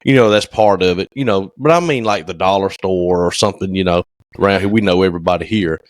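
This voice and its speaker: Low-ish guy rambling on a podcast, lots of "you know", dry sound. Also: fast, dry recording. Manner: rambling storyteller, many fillers. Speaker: podcast co-host. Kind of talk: casual chat.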